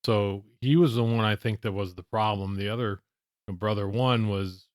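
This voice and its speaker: Co-host, male, lowish voice, relaxed dry humor, close dry mic. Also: moderate pace, no room sound. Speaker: co-host, husband. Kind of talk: casual chat.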